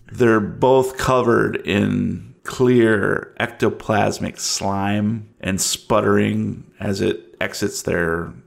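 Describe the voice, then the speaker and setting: A man narrating a horror tabletop game as game master, slow and dramatic. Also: on the low side, expressive, gravelly.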